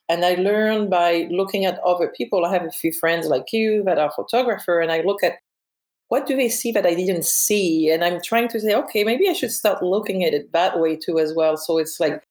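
Middle-aged woman, French accent, lowish voice, reflective, pauses to find words. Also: a little mellow. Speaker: guest photographer. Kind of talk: interview conversation.

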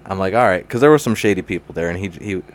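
A man's voice: deep voice, lively intonation, quick pace. A young man telling a wild story in casual chat, laughing often, swearing freely and calling everyone dude. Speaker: guest.

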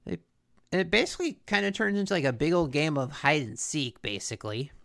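A woman's voice: low-pitched, sing-song, brisk, creaky, a bit bright. A woman co-hosting a casual chat, recapping a cartoon episode in a rambling way with lots of fillers and restarts. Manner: rambling, filler-heavy storytelling with frequent restarts.

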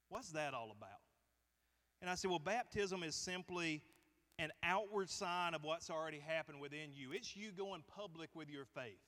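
A man's voice: sits high, bright, forceful tone. A man preaching as pastor, earnestly retelling a conversation in a conversational sermon style. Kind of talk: sermon storytelling. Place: church sanctuary.

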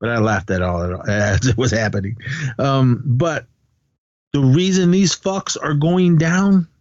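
A man's voice: mid-range voice, no room sound. Profane ranting man on a podcast. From California. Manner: profane, ranting, animated storytelling. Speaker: podcast co-host. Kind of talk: casual podcast chat. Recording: dull, dry podcast recording.

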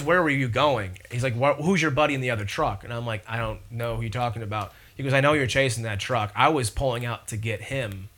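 A young man casually telling a long story, rambling and profane, acting out the people in it. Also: medium pitch. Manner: rambling, profane, animated retelling. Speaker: podcast guest.

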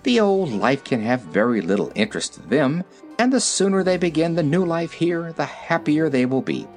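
A gracious, formal young fairy ruler addressing her court, as the narrator voices her. Her delivery is lively in pitch, with faint music behind. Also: normal speed, lightly acted.

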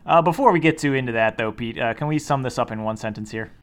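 A man's voice: mid-range voice, quick pace. A man co-hosting a casual podcast chat, teasing his partner and laughing along. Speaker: podcast co-host.

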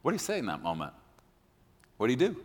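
Guy pastor preaching, super lively up and down voice, long echo like a big church hall. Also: mid-range voice, fast talker, breathy edge. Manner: animated, addresses the congregation directly. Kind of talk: sermon.

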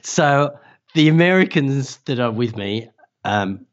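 An Australian man, a travel safety writer, telling a story in a casual, animated way and laughing often. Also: fairly low pitch, moderate pace, highs cut off. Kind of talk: casual anecdote.

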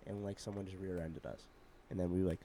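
Young male co-host with a gravelly, creaky voice, laid-back and mumbly. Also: low voice, flat delivery, fast, mellow, slight background noise. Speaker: podcast co-host. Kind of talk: casual chat.

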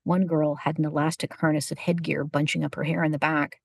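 A woman reads a story aloud in an even, unhurried manner. Her voice sits low with a husky, gravelly texture. The sound is close and dry. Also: no echo. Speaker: narrator. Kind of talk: audiobook narration.

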